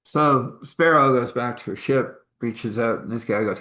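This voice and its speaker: A man's voice: medium pitch, measured pace, hardly any pauses, pushed and bright. A man improvising a sci-fi story, rambling, chuckling often and slipping into character voices.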